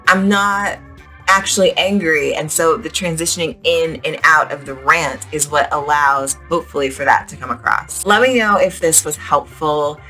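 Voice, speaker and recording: A young woman giving a casual English lesson outdoors at the beach, chatty and animated, with frequent "like"s. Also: deep voice, moderate pace, faint music behind. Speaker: English teacher.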